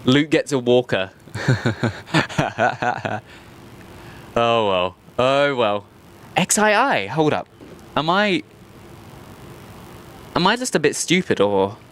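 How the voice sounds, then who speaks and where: This Australian host of a live plane-spotting stream talks outdoors at an airport in an expressive, mid-range voice that's a bit bright. He goes extremely slowly with long pauses, rambling and poking fun at himself with frequent laughter, over a little hiss or hum.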